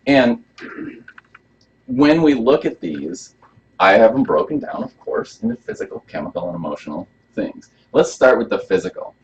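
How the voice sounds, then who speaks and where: A chiropractor with a lowish voice and big pitch swings talks at a normal pace during a live health workshop. Addressing a small audience in the room, he keeps it casual and asks them questions; the recording sounds dull and lo-fi.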